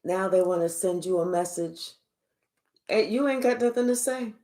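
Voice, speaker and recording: A woman delivers a tarot reading in a lowish, mellow voice at a moderate pace. This spiritual monologue is blunt and emphatic, peppered with profanity and rhetorical questions.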